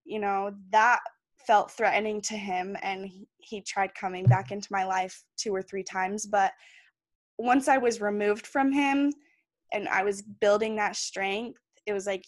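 A woman's voice: medium pitch, fairly even intonation, unhurried, dry recording. A young woman, a podcast guest, earnestly recounting a personal story in candid, plain words.

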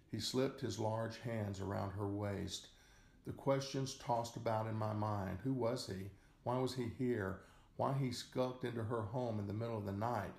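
A man reading a short story aloud as narrator, in a slow, measured way. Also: fairly low pitch, gravelly, a little mellow. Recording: echoey room.

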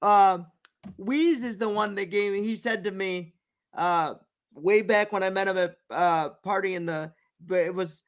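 A man who is a guest comedian in casual chat, relaxed and agreeable, adding his own stories. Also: sits high, measured pace.

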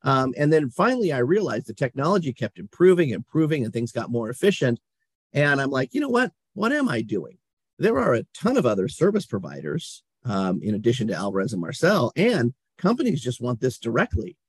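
This is a middle-aged man guesting on an interview, his voice slightly husky and recorded close and dry. He tells his stories with animation, laughing now and then and acting out quotes. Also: medium pitch, big pitch swings, a little fast, no echo. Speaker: guest, company CEO. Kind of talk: casual interview storytelling.

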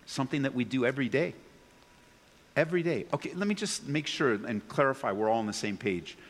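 Animated preacher in a reverberant hall. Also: male voice, fairly quick. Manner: animated, swings from loud excited bursts to low earnest tones. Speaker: pastor. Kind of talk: sermon. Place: church sanctuary before a congregation. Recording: long reverb of a large hall.

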